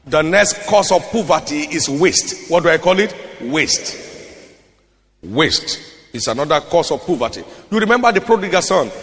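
Emphatic Nigerian pastor preaching in a reverberant hall. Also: male voice, on the high side, lively intonation, normal speed, a bit bright. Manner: emphatic preaching with repeated phrases and sung scripture reading. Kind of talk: sermon.

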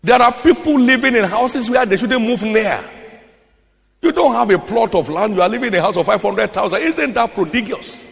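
A man's voice: high voice, expressive, moderate pace, vocal fry. A man with a Nigerian accent preaching a sermon, reading scripture in a half-sung cadence and repeating key phrases for emphasis. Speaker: pastor. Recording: long hall reverb.

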